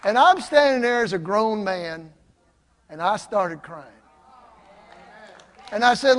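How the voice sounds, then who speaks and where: An older man preaching a sermon, telling stories with lively swings from loud exclamations to quiet asides. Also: high-pitched, slow pace, long pauses. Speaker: pastor. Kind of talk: sermon with storytelling. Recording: long hall reverb.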